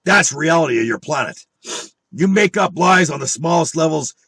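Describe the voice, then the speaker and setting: A man's voice: fairly high pitch, animated, normal speed, vocal fry, fairly bright tone, breathy edge, dry recording. A man on an angry monologue full of swearing and rhetorical questions. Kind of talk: angry profane rant.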